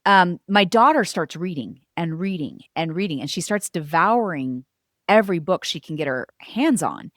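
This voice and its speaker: A middle-aged woman, a former teacher and homeschooling mother, telling her family's story in an interview, animated and acting out what others said. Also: on the low side, normal speed, no room sound, studio quality. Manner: animated, acts out quoted voices.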